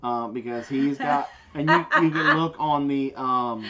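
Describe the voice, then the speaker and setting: A man's voice: mid-range voice, measured pace, muffled recording, a crowd in the background. A man hosting a casual home livestream, chatting and joking in a rambling way. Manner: rambling, joking, talks softly to the dog. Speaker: livestream host. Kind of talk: casual chat.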